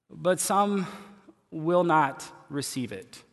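A man preaching a sermon as pastor, folksy and colloquial, moving between quiet asides and loud emphatic lines. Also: on the high side, a little slow. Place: church sanctuary. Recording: long hall reverb.

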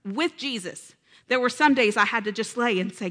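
A woman's voice: a little high, normal speed, fairly bright tone. A woman preaching a heartfelt sermon, earnest and emotional, calling out to her listeners for an answer. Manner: earnest, emotional, addresses congregation with call-and-response. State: close to tears.

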